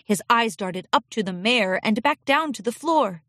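Woman narrator, children's storybook, high voice, dry recording. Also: normal speed, no room sound. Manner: expressive, animated reading.

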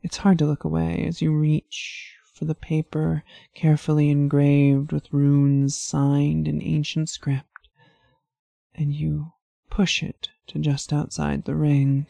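A woman narrating an erotic story in the second person, in a slow, hushed, low-key way. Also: level tone, gravelly, no echo.

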